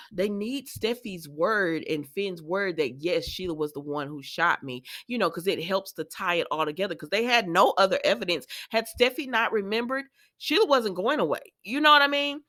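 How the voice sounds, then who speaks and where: A woman's voice: medium pitch, expressive, normal speed, fairly bright tone. Chatty woman recapping a soap. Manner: chatty, paraphrasing, talks straight to viewers. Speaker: soap opera recap host. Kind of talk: casual recap chat.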